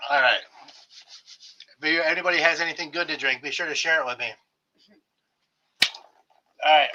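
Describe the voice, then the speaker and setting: A man's voice: a little high, normal speed, sharp tone, a little hiss or hum. A man hosting his own live stream, chatting casually and greeting viewers by name with friendly jokes. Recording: slightly dull lo-fi stream audio.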